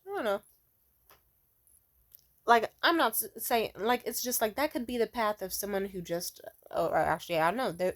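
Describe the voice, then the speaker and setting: A young woman vlogger telling a story in a rambling, casual way, full of fillers and restarts, laughing often and swearing bluntly. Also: medium pitch.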